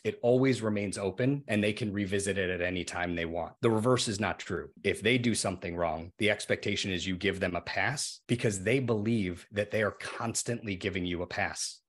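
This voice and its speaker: A man's voice: fairly low pitch, fairly bright tone, husky. A man in a casual podcast conversation, explaining at length with everyday examples.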